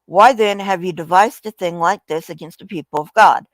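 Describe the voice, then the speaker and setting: A woman reading aloud the words of a humble widow pleading before a king, in her own fairly low voice. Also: moderate pace, no echo, lightly acted, low-quality recording.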